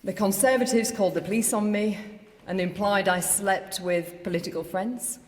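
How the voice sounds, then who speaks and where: A woman's voice: mid-range voice, steady tone, normal speed. A middle-aged woman, a newly elected mayor, giving an emphatic victory speech at a lectern in an election count hall. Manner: emphatic, rallying declarations. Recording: long reverb of a large hall.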